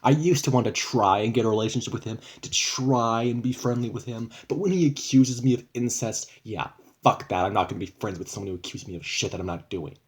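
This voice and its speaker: Low-voiced young man venting, profane. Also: a little fast. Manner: rambling, profane, frustrated. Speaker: vlogger. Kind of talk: casual venting vlog.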